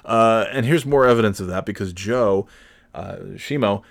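A man with a fairly low voice tells a casual, swear-laden story with animated energy. He acts out what people said, sometimes jumping way up in pitch. The sound is dry and close, with no room echo. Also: normal speed, creaky. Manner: animated, swears freely, acts out quotes with big shouts.

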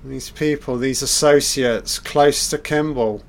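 A man's voice: mid-range voice, fairly even intonation, slow pace. A man giving a loose, off-the-cuff film commentary, reacting aloud and swearing at the scenes.

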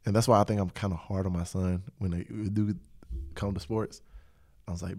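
A man's voice: deep voice, steady tone, moderate pace, gravelly, a little mellow, slightly rough. A man hosting a podcast in casual chat, a rambling storyteller who laughs often. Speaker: podcast host.

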